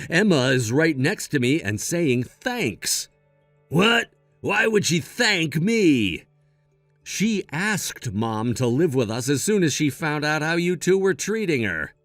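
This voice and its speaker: A man's voice: on the high side, fairly bright tone, no echo, heavily acted. A man voicing a level-headed, protective son in a read-aloud text-message story, firm and matter-of-fact. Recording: dry close mic with faint music.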